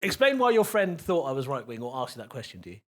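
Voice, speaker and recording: A man's voice: medium pitch, sing-song. A man co-hosting a comedy podcast, pushing back playfully and defending himself in casual banter. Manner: argumentative, quick to push back, playful.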